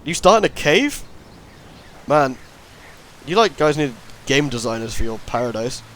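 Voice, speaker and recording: A man's voice: mid-range voice, sing-song, a little slow, a bit bright, slight background noise. A man hosting a let's play, rambling and sarcastic as he comments on the game. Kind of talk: gameplay commentary.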